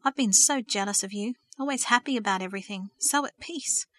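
A woman's voice: medium pitch, brisk, bright, forceful tone, no echo, close to an everyday voice. A woman doing a shaky, remorseful young man. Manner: shaky, sad, earnest.

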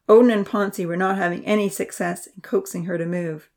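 A woman's voice: fairly even intonation, a little fast. Woman reading a storybook aloud. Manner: reads characters' lines with raised pitch and soft whispers. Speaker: narrator. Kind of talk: storybook narration.

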